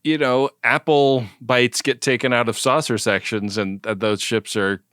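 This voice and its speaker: A man's voice: mid-range voice, fairly even intonation, unhurried, a bit bright, dry recording, clean studio sound. A man co-hosting a podcast, casually recapping an episode with a laid-back manner, easy laughs and lots of "like" fillers. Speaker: podcast co-host.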